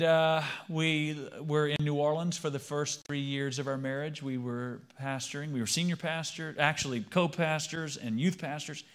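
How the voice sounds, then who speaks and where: A man's voice: on the high side, a bit bright. A man in his fifties, a pastor giving a sermon in a conversational way and often asking the congregation questions.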